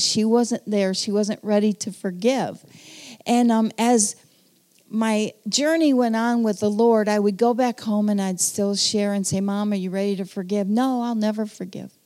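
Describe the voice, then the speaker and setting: A woman preacher gives an earnest testimony sermon, pausing as she tells her story before calling the congregation to stand. Her voice is a little high with a dark tone.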